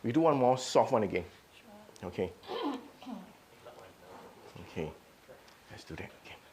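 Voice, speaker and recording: Halting man demoing audio gear. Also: lowish voice, big pitch swings, heavy background noise. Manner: halting, thinks aloud with restarts. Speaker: audio product demonstrator. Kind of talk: live product demo.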